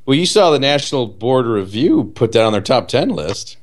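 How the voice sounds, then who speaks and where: A man co-hosting a casual movie chat, blunt, sarcastic and quick to swear. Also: medium pitch, sing-song.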